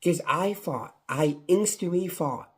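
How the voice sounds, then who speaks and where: A man's voice: on the high side, slow. A man reviewing a wrestling show on his own, in a passionate, repetitive rant. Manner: impassioned, ranting, repetitive. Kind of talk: casual solo review.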